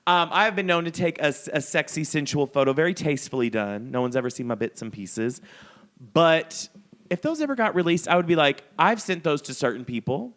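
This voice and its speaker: A man's voice: fairly high pitch, sing-song, fairly bright tone. A young man co-hosting a podcast in casual, playful chat, gossiping and joking. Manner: fast, playful, gossipy, slips into mock voices. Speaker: podcast co-host.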